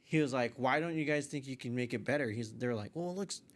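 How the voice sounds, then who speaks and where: A young man, a podcast guest, casually telling a story with lively quoted voices and frequent swearing. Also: mid-range voice, quick pace. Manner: animated retelling, acts out quoted voices, swears freely. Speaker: podcast guest, artist and photographer.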